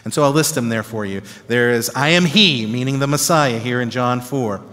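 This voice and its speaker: A man teaching the Bible as a pastor, animated and conversational, often checking in with his listeners. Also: medium pitch, normal speed. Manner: animated, conversational, acts out disciples' reactions with tag questions. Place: church. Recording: long reverb of a church hall.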